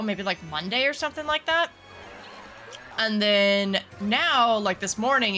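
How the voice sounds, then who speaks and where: A woman's voice: medium pitch, sharp tone. A woman streaming from home, chatting casually while gaming, ranting heatedly and swearing a lot.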